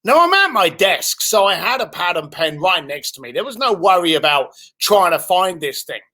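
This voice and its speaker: A man's voice: high-pitched, big pitch swings, normal speed, pushed and bright. A man telling a business story, acting out both sides of a phone call. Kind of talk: animated storytelling.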